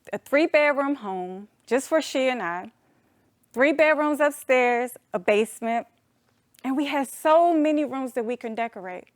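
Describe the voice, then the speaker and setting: An adult woman telling a humorous personal story to an audience, animated and playful, calling them y'all. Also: high voice, no room sound. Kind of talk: storytelling talk.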